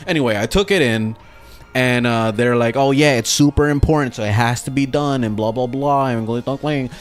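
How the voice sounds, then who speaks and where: Casual male streamer, mid-pitched, animated storyteller who swears freely, faint game music behind. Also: normal speed. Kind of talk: casual gaming stream chat.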